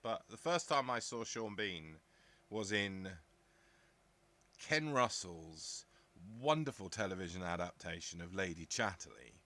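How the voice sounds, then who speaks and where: A man's voice: low-pitched, expressive, unhurried, sharp tone. A middle-aged man from southern England chatting casually on a live stream, rambling and musing aloud as he answers comments from his viewers. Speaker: live stream host reading chat. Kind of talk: casual live-chat talk.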